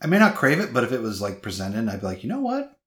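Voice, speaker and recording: A man co-hosting a podcast, chatting casually and playfully, with quick laughs and mock-dramatic readings. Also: lowish voice, sing-song. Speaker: podcast co-host. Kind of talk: casual chat. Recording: roomy echoey sound.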